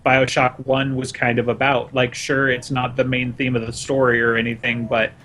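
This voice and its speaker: A man's voice: mid-range voice, completely flat delivery, moderate pace, bright, forceful tone. A man on a gaming podcast, chatting casually with sarcastic, laughing remarks. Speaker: podcast co-host.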